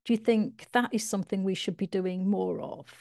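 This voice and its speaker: A woman hosting a podcast, asking her guest measured, deliberate questions. The sound is dry and close, with no room echo at all. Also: medium pitch, steady tone, vocal fry, darkish tone. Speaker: podcast host. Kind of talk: interviewing a guest.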